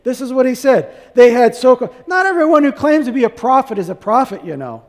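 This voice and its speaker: A man's voice: extremely high pitch, sing-song, fairly quick, darkish tone, long reverb tail. A man preaching a sermon as pastor, asking the congregation one question after another.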